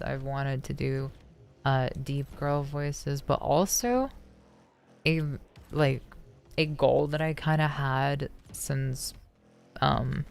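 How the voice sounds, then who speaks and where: Slow, gravelly feminized voice practice. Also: mid-range voice, a little hiss or hum. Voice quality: practicing a feminized voice after male puberty. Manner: hesitant, many restarts and throat clearing. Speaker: streamer doing voice practice. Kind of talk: casual livestream chat.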